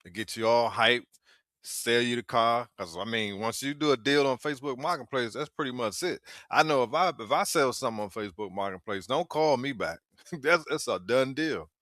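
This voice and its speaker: A man's voice: mid-range voice, moderate pace, a bit bright, no room sound, studio quality. A man hosting, reacting to clips in a casual way with short exclamations and warnings to his viewers.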